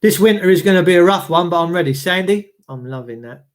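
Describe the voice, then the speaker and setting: A man's voice: high voice, fast. A middle-aged man ranting bluntly to his livestream viewers, swearing heavily and repeating himself. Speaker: livestream host reading chat. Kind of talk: casual ranting monologue.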